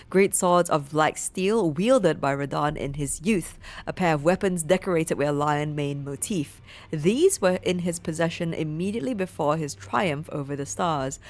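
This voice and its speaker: A young woman streaming a game, gushing and emotional in casual commentary, swearing freely and reading item text aloud. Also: lowish voice. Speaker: gameplay streamer. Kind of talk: excited gameplay commentary.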